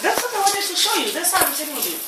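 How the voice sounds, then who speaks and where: A woman's voice: extremely high pitch, very animated, fast talker, recorded from a distance. A woman in a heated argument, insistent and repeating herself to be heard. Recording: echoey room, off-mic, noisy.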